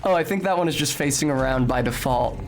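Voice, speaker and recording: A man's voice: mid-range voice, fast talker, slight background noise. A young man giving casual, articulate commentary while playing a video game, with a slightly academic-sounding manner and bursts of swearing and yelps. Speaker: streamer.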